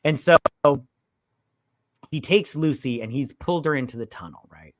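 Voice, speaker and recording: A man's voice: fairly high pitch, moderate pace, dry recording, clean studio sound. Rambling, profane man retelling a film. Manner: rambling, profane, acts out character lines. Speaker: movie review co-host. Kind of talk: casual live-stream chat.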